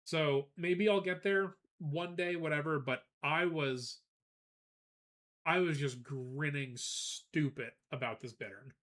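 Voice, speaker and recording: Bright-voiced man telling a rambling story. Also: on the high side, slow. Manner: rambling, animated storytelling with frequent laughs; greets chat viewers between anecdotes. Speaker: streamer. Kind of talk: casual live-stream chat.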